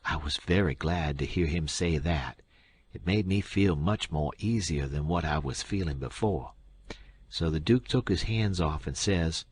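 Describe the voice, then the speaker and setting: Husky, low-voiced male audiobook narrator. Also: a little slow. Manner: plain storytelling in folksy dialect.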